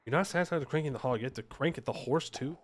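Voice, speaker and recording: A man's voice: mid-range voice, rapid-fire. A man streaming a game live, chatting and joking with his viewers in a playful, mock-defensive way. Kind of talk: casual live-stream commentary while playing.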